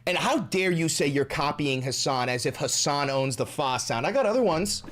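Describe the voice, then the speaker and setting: A man hosting a live stream, ranting about politics with heavy swearing and sudden shouts. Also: fairly high pitch, expressive, fairly quick, hardly any pauses, a little hiss or hum. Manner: profane, ranting, bursts into shouting. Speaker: livestream host.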